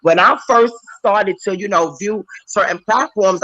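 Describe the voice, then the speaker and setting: A woman's voice: mid-range voice, normal speed, dry recording, dull audio. A woman calling into a talk panel, speaking emphatically and emotionally, close to tears, preaching and acting out voices. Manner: emphatic, animated, switches into character voices. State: tearful, emotional.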